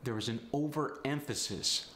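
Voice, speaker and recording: A man's voice: medium pitch, normal speed, sharp tone, slight background noise. A man coaching accents in an upbeat, teasing teaching manner. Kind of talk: instructional video. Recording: roomy echo.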